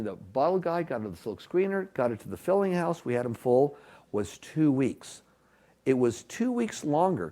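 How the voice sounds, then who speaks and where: A middle-aged man giving a conference keynote, telling his story in an animated way and acting out quoted dialogue. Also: medium pitch. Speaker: keynote speaker. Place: conference stage.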